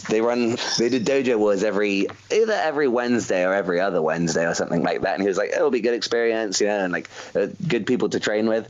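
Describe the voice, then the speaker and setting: A man's voice: lowish voice, muffled recording. A young man from England, a wrestler being interviewed, chatting casually in a rambling way with many fillers and frequent laughs. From England, Welsh parents. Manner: laid-back, laughs often, rambling with fillers. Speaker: professional wrestler, guest.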